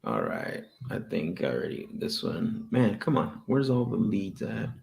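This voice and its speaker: A man's voice: on the low side, big pitch swings, a little slow, vocal fry, darkish tone. A man hosting a live stream as a sales coach, casually musing aloud and chuckling between phone calls to property sellers. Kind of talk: casual live-stream chat while cold calling.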